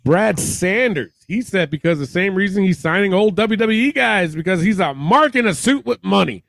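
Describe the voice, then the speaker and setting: A man's voice: high-pitched, lively intonation, moderate pace, creaky, a bit bright, no echo. A man hosting a wrestling podcast, reading out listener comments and laughing often between them. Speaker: podcast host. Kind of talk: casual chat.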